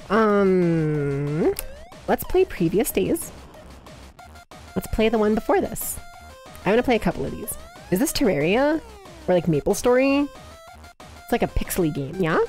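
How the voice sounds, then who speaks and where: A woman streamer chatting live while guessing games, excitable and swearing a lot, bursting into high yells. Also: normal speed, soft background music.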